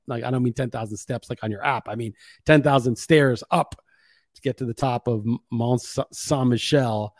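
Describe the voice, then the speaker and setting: Profane ranting podcast host, dry mic. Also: male voice, medium pitch, normal speed, a little mellow, no echo. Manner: rambling, profane venting. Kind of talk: casual monologue.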